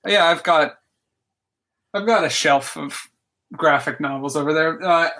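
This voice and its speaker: A man's voice: on the high side, a little slow, pushed and bright, a little hiss or hum. A man guesting on a podcast, chatting casually and enthusiastically about his hobby, with many "like" fillers. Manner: rambling, lots of "like" fillers, enthusiastic. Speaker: podcast guest, game designer. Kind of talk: casual interview chat.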